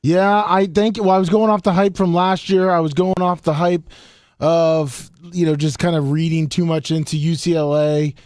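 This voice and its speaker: A man co-hosting a sports talk show, talking through his picks in a relaxed, agreeable way. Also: a little high, normal speed, dry recording, studio quality.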